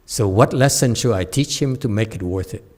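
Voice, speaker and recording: A man's voice: on the low side, moderate pace, darkish tone. A man giving a playful Buddhist dharma talk at a meditation center, laughing often and checking in with his listeners. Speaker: meditation teacher.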